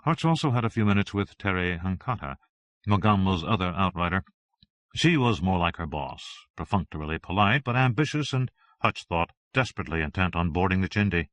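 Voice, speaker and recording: A man narrating an audiobook in a steady, even-toned reading. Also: low voice, brisk, dry recording.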